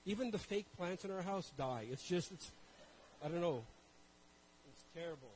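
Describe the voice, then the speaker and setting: A man's voice: sits high, animated, normal speed, a little mellow, slight background noise, poor audio. A man from Canada preaching a sermon and telling a personal story. He talks conversationally, with self-deprecating asides, and addresses the congregation directly.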